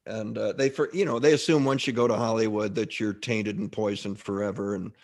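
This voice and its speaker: A man's voice: on the low side, a little fast. Rambling middle-aged male actor. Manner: rambling, frequent restarts, lively anecdotes. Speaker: actor, guest. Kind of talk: casual interview storytelling.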